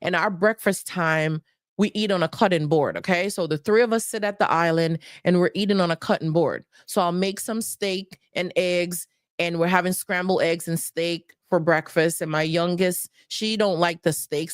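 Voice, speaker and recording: A woman's voice: lowish voice, no echo, clean studio sound. A woman hosting a motivational personal talk, speaking earnestly and repeating key phrases for emphasis. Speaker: host.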